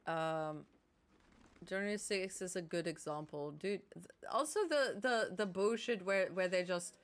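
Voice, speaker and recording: A woman's voice: lowish voice, unhurried. A woman streamer chatting casually while gaming, rambling and swearing freely. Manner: rambling, swears, lots of restarts.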